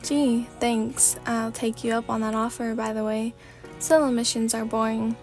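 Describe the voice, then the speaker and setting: A woman's voice: fairly high pitch, little pitch movement, normal speed, faint music behind, lightly acted. A woman reading a sleepy story aloud, voicing a level-headed young demon-slaying companion who scolds and cares. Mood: dry. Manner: sensible, scolding, gently caring.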